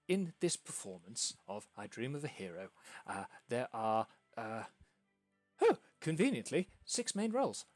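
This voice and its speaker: A man's voice: medium pitch, dry recording, pitched above the performer's own voice. A man voicing an anxious, eager woman who runs a theatre, stammering and repeating his words.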